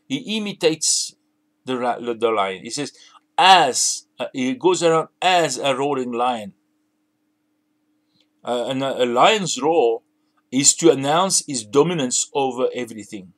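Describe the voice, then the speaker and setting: A man's voice: medium pitch, expressive, measured pace. A man preaching a sermon, emphatic, repeating and restarting phrases as he builds his points.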